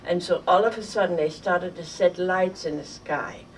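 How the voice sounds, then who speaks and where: Older woman recounting memories, distant mic. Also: fairly low pitch. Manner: halting, vivid storytelling. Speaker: interviewee. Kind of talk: oral history recollection. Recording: distant mic with faint noise.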